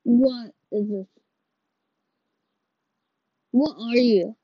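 A woman giving casual, rambling commentary while playing, excitable and mock-ranting. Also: fairly high pitch, very slow, no room sound. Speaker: video creator. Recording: dull lo-fi audio.

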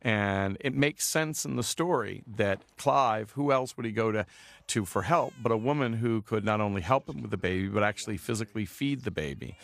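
A man talking through his film as director in a loose, meandering commentary, dropping filler words as he goes. His voice is lowish and gravelly. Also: fairly bright tone, no room sound.

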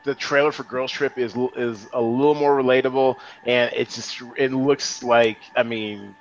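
A man hosting a podcast in casual chat, animated and playful, full of slang. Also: mid-range voice, moderate pace, dull audio, a little hiss or hum. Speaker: podcast host.

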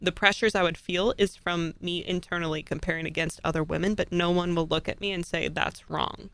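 A young woman in her twenties with a naturally deep voice, chatting casually on a podcast in a relaxed, thoughtful way. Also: a little fast, smooth.

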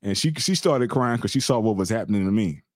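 A middle-aged man hosting a podcast, telling a personal story in an earnest, animated, slangy way. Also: fairly low pitch, fast talker, no room sound, studio quality. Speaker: podcast host. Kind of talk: casual storytelling chat.

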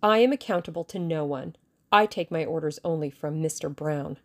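A woman voicing a calm, scornful female schemer who speaks lightly and coolly in an audiobook. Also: sits low, moderate pace.

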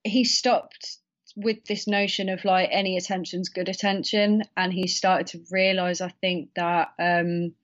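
A woman's voice: on the low side, level tone, unhurried, dull audio. A woman co-hosting a casual film discussion, rambling a bit with fillers and restarts.

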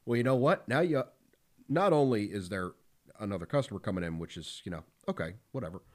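A man's voice: fairly low pitch, expressive, fairly quick. A man hosting a podcast in casual talk, blunt and profane, with lots of fillers. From Philadelphia area. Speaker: podcast host.

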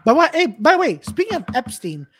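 A woman co-hosting a casual comedy podcast, telling a story with animated bursts of laughter. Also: high voice, a little fast, a little hiss or hum. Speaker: podcast co-host.

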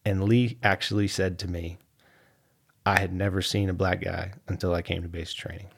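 A man's voice: deep voice, moderate pace, vocal fry, breathy edge. A man, an Army veteran, telling stories in a podcast interview, acting out quotes and laughing often. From United States. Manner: animated storyteller, acts out quotes, laughs often.

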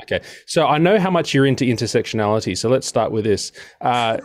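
A man's voice: medium pitch, lively intonation, quick pace, no echo, studio quality. A man hosting an interview, introducing his guest and asking rambling, friendly questions with many fillers. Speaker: interview host. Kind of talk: conversational interview.

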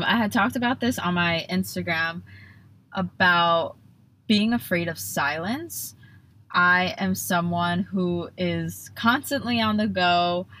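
A woman's voice: lowish voice, fairly bright tone, slight background noise. A young woman hosting her own podcast in casual solo chat, bubbly and rambling, often breaking off mid-thought. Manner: bubbly, rambling, self-interrupting. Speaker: podcast host.

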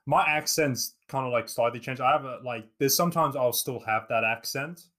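This mid-range, fairly bright male voice moves at a normal speed. He's a podcast host in his twenties, English-born and raised in New Zealand, chatting casually over a remote call in a rambling way, full of fillers and restarts.

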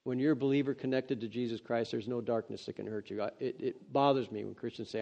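A man preaching, reading scripture aloud and breaking off into earnest, excitable, conversational asides. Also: mid-range voice, fast, gravelly, few pauses. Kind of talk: devotional scripture reading with commentary. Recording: dull lo-fi sound.

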